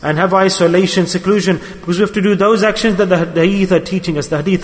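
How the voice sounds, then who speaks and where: A man's voice: high voice, quick pace, hardly any pauses. A man preaching a sermon with emotive storytelling, repeating his key words. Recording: long hall reverb.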